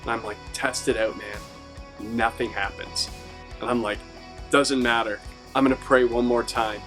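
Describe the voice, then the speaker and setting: Man telling an animated testimony. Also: mid-range voice, unhurried, over music. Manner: animated storyteller acting out quotes. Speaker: youth ministry team member. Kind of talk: personal testimony storytelling.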